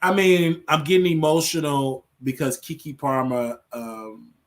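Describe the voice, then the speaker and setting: A man's voice: fairly high pitch, steady tone, measured pace. A man hosting his own show, chatting casually to his viewers, repeating phrases and calling them y'all. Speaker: show host. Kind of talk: casual solo chat to viewers.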